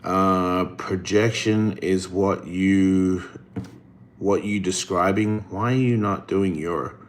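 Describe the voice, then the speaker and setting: A man's voice: low voice, fairly even intonation, takes it slowly, slight background noise. A middle-aged man hosting a casual live stream, reading the chat and answering in a blunt, rambling way with free swearing.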